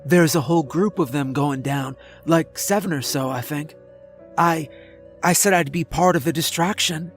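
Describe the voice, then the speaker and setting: Scared teen boy, voiced by a male narrator, raised pitch, stammering, horror storybook. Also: moderate pace, faint music behind, close to an everyday voice. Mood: frightened. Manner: stammering, pleading. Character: scared nervous teenage boy.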